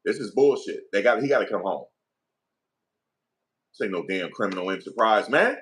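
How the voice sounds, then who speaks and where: A man's voice: lowish voice, expressive, moderate pace, a bit bright. A middle-aged man, giving heated opinion commentary in an emphatic, profane, repetitive rant.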